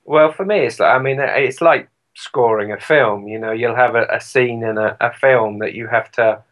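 A man's voice: medium pitch, moderate pace, a bit bright, rough recording. A man with a British accent, a musician chatting in an interview in a rambling, self-deprecating way with lots of fillers. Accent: British English. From Britain. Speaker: guest musician. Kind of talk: casual interview chat.

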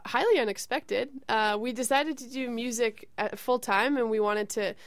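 A woman's voice: fairly high pitch, moderate pace, dry recording. A woman from Canada, a singer-songwriter, talking in a friendly, casual studio interview. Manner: friendly, with frequent fillers and laughs. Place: radio studio.

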